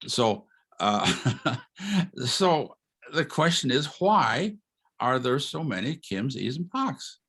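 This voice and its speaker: An older man, a retired history professor, gives an informal lecture over a video call. He is animated, asks rhetorical questions and chuckles as he talks. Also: medium pitch, slow, slightly rough.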